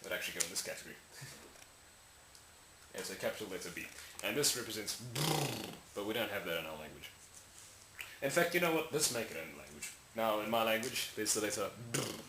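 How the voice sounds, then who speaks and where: This man's fairly low voice is very animated and quick, yet broken by long pauses. A language tutorial maker, he rambles through an explanation of speech sounds, demonstrating each and correcting himself. The room is echoey, with faint hiss.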